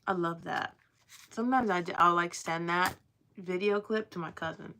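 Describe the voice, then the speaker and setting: A woman's voice: lowish voice, moderate pace, bright, forceful tone, slight background noise. A young woman with a Southern accent, chatting casually on a livestream in a rambling, playful drawl. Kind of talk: casual chat with live chat.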